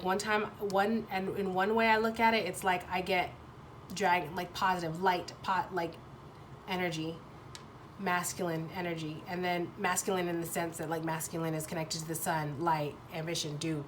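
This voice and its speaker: A woman giving a pick-a-card tarot reading to viewers, thinking aloud in a halting way, restarting sentences as she searches for words and swearing freely. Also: lowish voice, a bit bright, a little hiss or hum. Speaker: tarot reader.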